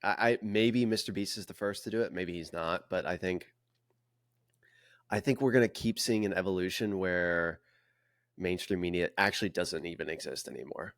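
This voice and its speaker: A man with a very low voice gives his opinions in a laid-back podcast chat. His voice is recorded dry and close, with no room sound, and he clears his throat now and then. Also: normal speed, no echo. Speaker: podcast co-host.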